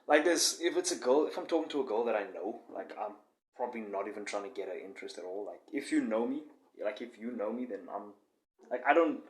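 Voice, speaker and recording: A man's voice: medium pitch, reverberant. A young man in a casual vlog monologue, talking in a boastful, rambling way with many fillers.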